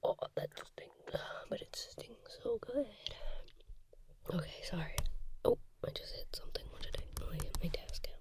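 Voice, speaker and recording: A woman's voice: medium pitch, big pitch swings, moderate pace, a little mellow. Sick, giggly woman whispering ASMR. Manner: giggly, rambling, often whispering. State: sick with a runny nose. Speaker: ASMR creator.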